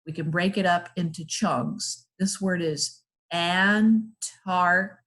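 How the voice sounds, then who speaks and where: A patient woman teaching phonics to young children. She sounds out letters and syllables very slowly and clearly, with a slightly low voice. She praises the listener often and gives steady encouragement.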